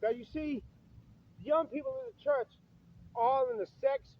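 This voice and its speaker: The angry vlogger, a man in his fifties, rants outdoors at night next to a church, cursing a lot and circling back bitterly to the same points. He speaks a little slowly in an extremely high voice, and the recording's highs are cut off.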